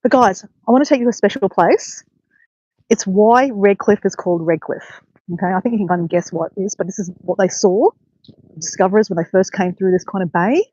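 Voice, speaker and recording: A woman's voice: medium pitch, fairly quick, warm tone, dry recording, lo-fi sound. A woman hosting a casual live stream outdoors by a bay, chatting to viewers in an upbeat way. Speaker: livestream host. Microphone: handheld phone.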